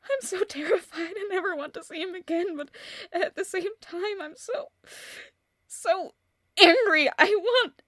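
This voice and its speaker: A woman performs a heartbroken young woman in a radio drama, her very high voice cracking with tears. She talks slowly, halting and restarting her sentences, caught between grief and rage. The sound is close and dry. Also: dry recording. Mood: grief-stricken. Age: young adult. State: tearful, voice breaking. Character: grieving young woman, distraught, bent on revenge. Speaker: voice actor. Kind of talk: audio drama monologue.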